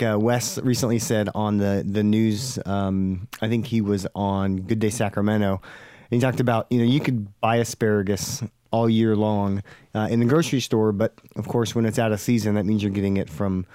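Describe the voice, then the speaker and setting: A man's voice: fairly low pitch, warm tone, clear, resonant tone, dry recording, studio quality. A man co-hosting a podcast, chatting easily about food with many ums and restarts. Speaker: podcast co-host. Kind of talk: casual chat.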